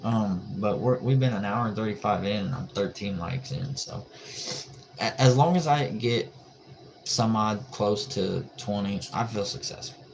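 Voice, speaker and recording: A tired man with a low voice hosts a late-night livestream, reading comments and joking back in an easygoing way. His audio comes through with clear background noise. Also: measured pace, low-quality recording. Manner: laid-back, joking, reads and answers chat comments. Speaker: livestream host.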